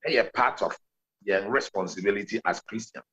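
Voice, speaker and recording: A man's voice: lowish voice, fairly quick, fairly bright tone, poor audio. A Ghanaian pastor answering interview questions over a video call, laying out his points one by one in a preaching manner. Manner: preaching explanation, counts points, mixes Twi and English.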